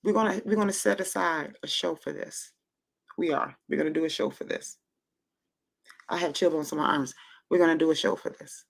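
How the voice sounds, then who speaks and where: A woman's voice: sits low, fairly quick, creaky. A woman hosting a casual livestream, gushing and emotional, close to tears, who stammers and repeats herself. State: moved to near tears. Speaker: livestream host.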